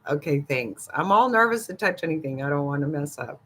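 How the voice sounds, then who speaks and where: Expressive and brisk, this older woman's low, fairly bright voice carries her casual livestream chat. She gossips, giggles a lot and responds directly to viewers in the chat.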